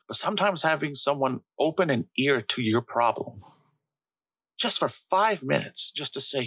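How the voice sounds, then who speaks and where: A man co-hosting a podcast, telling stories in a casual, animated way and acting out the quotes. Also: medium pitch, moderate pace, breathy edge, no echo, low-quality recording. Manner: animated storyteller, acts out quotes. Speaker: podcast co-host.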